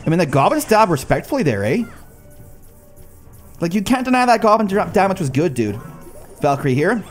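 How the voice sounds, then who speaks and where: A young man giving excited live commentary on his own gameplay, talking to his cards and his viewers and calling himself a nub. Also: high-pitched, fairly quick. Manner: excitable, talks to the cards and the viewers, self-mocking. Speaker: gaming YouTuber. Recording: faint music bed behind the voice.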